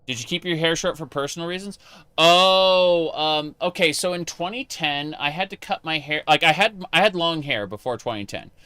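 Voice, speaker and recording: A man's voice: fairly high pitch, moderate pace, bright, forceful tone, smooth, no echo. A man chatting casually with his live-stream chat while playing a game, rambling with many fillers and restarts.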